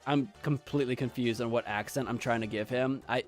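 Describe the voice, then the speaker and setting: A man's voice: mid-range voice, steady tone, brisk, faint music behind. A man hosting a let's-play, giving casual joking commentary and reading the game's dialogue aloud.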